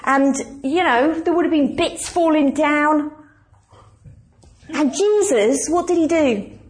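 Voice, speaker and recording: A woman's voice: high-pitched, slow pace. A woman pastor preaching a conversational, emphatic sermon and asking the congregation questions.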